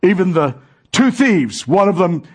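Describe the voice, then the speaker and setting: A male preacher with a husky, slightly raised voice delivers a sermon at a slow, deliberate pace. He is dramatic, dropping to hushed passages and climbing to fervent peaks. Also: high-pitched, sing-song. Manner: dramatic, swings from hushed to rising fervor.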